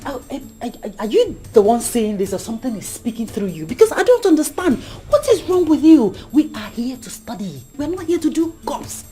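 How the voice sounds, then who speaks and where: A woman's voice: fairly high pitch, expressive, faint music behind, lightly acted. A woman playing a hot-tempered Nigerian student. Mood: indignant. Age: young adult. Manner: shouting, indignant, quick to outrage. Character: indignant young female student, moralizing, hot-tempered. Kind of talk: Nollywood-style skit acting.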